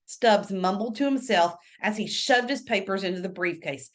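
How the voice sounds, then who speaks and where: A woman reading a novel aloud with expressive storytelling. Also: medium pitch, normal speed. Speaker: book reader.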